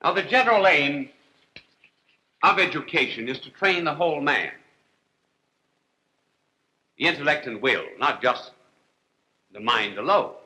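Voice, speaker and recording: A priest delivering a humorous televised lecture, wry and deliberate, with dry jokes and long pauses. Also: male voice, on the high side, expressive, sharp tone, poor audio. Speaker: priest and TV host.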